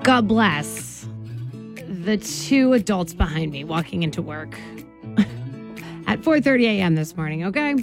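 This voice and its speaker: A woman's voice: lowish voice, very animated, unhurried, long pauses, over music. A woman hosting a morning radio show, chatting casually, laughing often and poking fun at herself. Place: radio studio.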